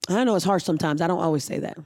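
A pastor preaching a sermon, reading scripture aloud and pausing to explain it, driving points home with repeated phrases. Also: medium pitch, darkish tone.

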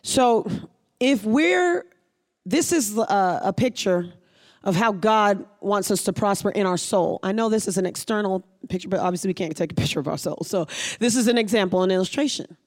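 Reading scripture aloud and then stopping to unpack it, a pastor delivers a sermon at a medium pitch, hammering points home with repeated phrases.

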